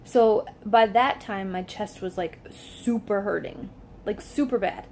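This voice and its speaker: A woman's voice: mid-range voice, unhurried, a little mellow, slight background noise. A young woman vlogging at home, telling a story in a chatty way, filling her talk with "like" and acting out what people said. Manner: chatty, says "like" constantly, acts out quoted lines. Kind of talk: casual storytelling to camera.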